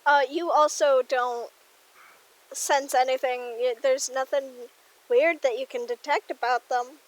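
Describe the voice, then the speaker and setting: A woman's voice: high-pitched, steady tone, a little slow, rough recording. A woman running a tabletop role-playing game as game master, talking casually with many fillers.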